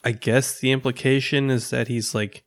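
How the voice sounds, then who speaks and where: A man's voice: medium pitch, steady tone, moderate pace. A man co-hosting a casual film podcast, thinking aloud with hesitant phrasing. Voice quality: thoughtful, hesitant, searching for words. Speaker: podcast co-host. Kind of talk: casual film-review chat.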